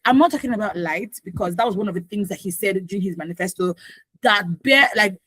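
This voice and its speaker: Nigerian woman, radio host, opinionated, animated, dry studio sound. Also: mid-range voice, a little fast, husky, no echo, poor audio. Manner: opinionated, animated, frequent asides. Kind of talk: morning radio talk.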